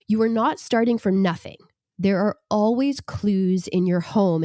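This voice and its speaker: A woman's voice: medium pitch, darkish tone, no echo, studio quality. A woman hosting a design podcast, giving advice in a reassuring, coaching way. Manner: reassuring, coaching tone with tag questions. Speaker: interior design podcast host. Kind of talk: advisory podcast talk.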